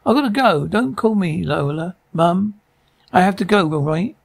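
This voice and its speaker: A woman playing a daughter in an audio drama who brushes off her mother in a curt, hurried way. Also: lowish voice, lively intonation, gravelly. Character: brisk young woman cutting a call short.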